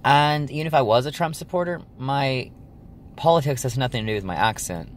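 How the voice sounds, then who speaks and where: A young vlogger with a mid-range voice talks casually to the camera at a brisk pace, rambling with plenty of "ums" and "likes." There's a little hiss or hum in the recording.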